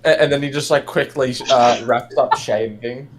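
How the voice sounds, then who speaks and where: A man chatting casually on a stream, trading jokes with a laugh never far away. He swears freely and talks at an ordinary pitch and pace. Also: steady tone, moderate pace, soft background music. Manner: joking, profane, laughs often. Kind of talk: casual chat.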